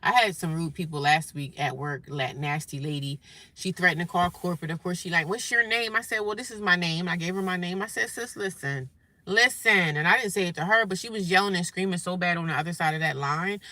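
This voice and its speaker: Talking fast with a lowish, bright voice and a forceful tone, a woman vlogger from New Jersey rants casually about a rude customer. Her story is blunt and profane, full of laughter and exaggerated impressions of callers.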